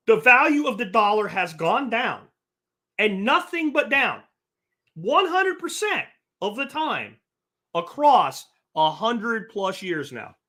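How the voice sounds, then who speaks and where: A man's voice: high-pitched, sharp tone. A man hosting a livestream podcast, reading chat comments aloud and answering them in a blunt, profane rant. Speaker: podcast host.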